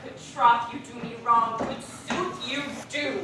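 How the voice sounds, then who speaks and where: A woman's voice: a little high, steady tone, measured pace, close to an everyday voice. A woman playing a lovesick young woman on stage, speaking earnest verse in a distant, echoey, noisy recording. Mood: indignant. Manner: earnest verse, rising to indignant outbursts. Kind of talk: stage play acting.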